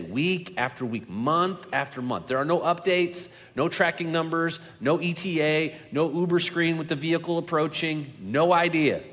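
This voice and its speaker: A male pastor preaching a sermon, slowing down and dropping to a hush for emphasis, then building up louder on key points. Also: a little high. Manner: dynamic delivery, slowing and dropping quiet for emphasis. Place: large church sanctuary. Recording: long reverb of a large hall.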